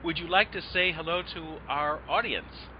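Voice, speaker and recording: A man's voice: fairly high pitch, moderate pace, a little hiss or hum. A man hosting a podcast interview, talking in a campy, flirtatious, teasing way. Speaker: podcast host. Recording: muffled lo-fi audio, faint music.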